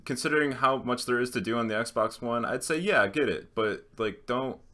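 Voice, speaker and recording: A young man co-hosting a podcast in casual chat, animated and swearing, with frequent restarts. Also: medium pitch, normal speed. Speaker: podcast co-host.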